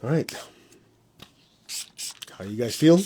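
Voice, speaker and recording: A man who works as a spiritual teacher, giving a casual teaching on a live stream. He talks conversationally, keeps asking whether things make sense, and mimics his students in high voices. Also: expressive, slow, warm tone, slight background noise. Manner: conversational, asks the audience whether it makes sense.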